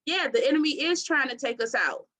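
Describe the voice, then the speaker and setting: A woman in her thirties from Detroit, a podcast guest telling her story in an expressive, testimony-style way. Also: sits high, a little fast, poor audio. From Detroit, USA. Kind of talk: faith-centered interview talk.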